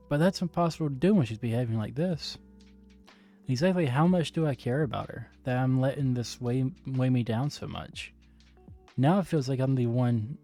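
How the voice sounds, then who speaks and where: Man, slight Southern accent, streamer, reads a visual novel aloud, stumbles and self-corrects, middle pitch. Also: dark tone. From Southern United States.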